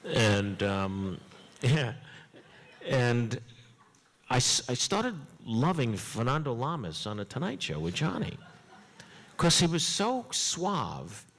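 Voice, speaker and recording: A man who is a comedian guest, telling an anecdote in a chatty, animated way with frequent fillers. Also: medium pitch, takes it slowly, pauses often, in a large hall. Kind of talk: storytelling anecdote.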